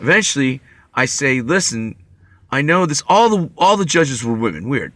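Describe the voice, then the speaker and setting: Rambling guy vlogging, cussing, bright voice, dry sound. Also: mid-range voice, big pitch swings, moderate pace, dry recording. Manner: rambling, profane, wry. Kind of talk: rambling monologue.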